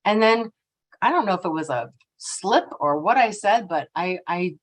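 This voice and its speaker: Expressive woman leading a workshop. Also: fairly low pitch, normal speed. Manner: lively and expressive, acting out quoted voices; frequently ends points with a questioning "right?". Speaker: energy tapping practitioner leading a workshop. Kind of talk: workshop talk.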